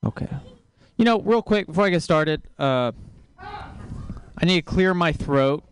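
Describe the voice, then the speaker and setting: A man from Texas doing a stand-up set, delivering dry deadpan one-liners. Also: high-pitched, a little slow, slight background noise. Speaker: stand-up comedian. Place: comedy show on stage.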